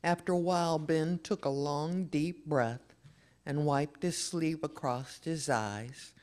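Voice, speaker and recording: A reader at a memorial service, reading a children's story aloud in a slow, expressive way. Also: mid-range voice.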